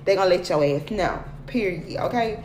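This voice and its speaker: A woman's voice: on the low side, normal speed, echoey room, noisy background. A woman giving a casual spiritual tarot reading to her followers, blunt and preachy, swearing constantly and punctuating points with "okay?" and "period.".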